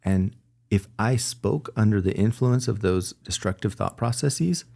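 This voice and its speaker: Warm and gravelly, a man's voice on the low side comes through a little slowly as he's interviewed. The guest is earnest and candid, reflecting openly while frequently restarting sentences with little laughs and correcting himself.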